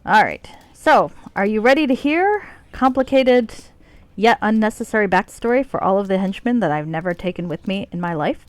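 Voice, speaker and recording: A woman's voice: medium pitch, animated, normal speed, no echo. A woman streaming a video game, chatting casually in a playful, joking way and swearing freely. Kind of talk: casual gameplay commentary.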